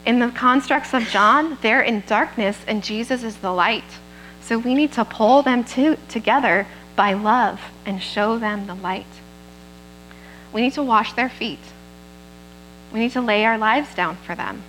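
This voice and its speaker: A woman preaches a sermon at a church service, speaking into a microphone in a plainspoken, conversational way and often checking in with the congregation. Her voice is on the high side and a bit bright, and she speaks a little slowly. The audio is poor, with slight background noise.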